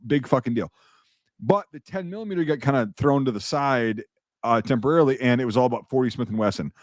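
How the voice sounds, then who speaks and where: A man's voice: mid-range voice, fast talker, no room sound, studio quality. A man in casual chat as a podcast host, rambling and profane, with many restarts and fillers.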